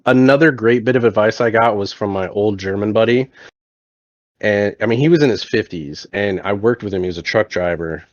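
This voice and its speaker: A man's voice: fairly low pitch, fairly quick, no echo. Blunt, profane man on a dull mic. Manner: blunt, profane, emphatic storytelling. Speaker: podcast guest. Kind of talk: casual chat. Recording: dull, dry lo-fi sound.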